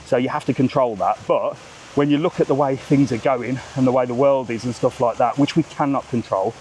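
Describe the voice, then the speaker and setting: Slight background noise accompanies this middle-aged man as he vlogs on a walk outdoors in a seaside market town. Chatty and ranting, he swears freely in a mid-range voice that's a little fast and a little mellow.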